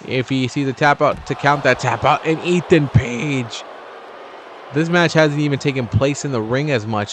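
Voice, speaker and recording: Excitable man calling wrestling play-by-play. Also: a little hiss or hum. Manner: chatty, excitable, jumps in pitch at big moves. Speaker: video game commentator. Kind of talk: casual play-by-play commentary.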